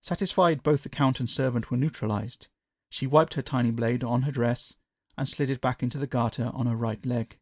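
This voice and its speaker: A man narrating a scripted horror story in a measured, dramatic way. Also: mid-range voice, a little mellow, no room sound, clean studio sound.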